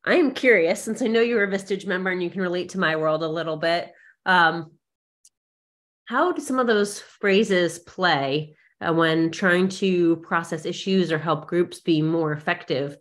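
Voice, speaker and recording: A woman's voice: on the low side, unhurried. A woman hosting an interview, asking questions in a friendly, hesitant way with many fillers. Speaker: podcast host.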